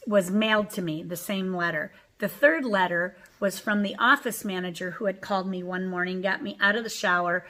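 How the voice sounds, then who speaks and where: Female vlogger, middle-aged, mid-pitched, emotional storytime delivery with quoted dialogue. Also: fairly bright tone. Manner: emotional, retelling conversations with quoted voices. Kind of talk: personal storytime chat.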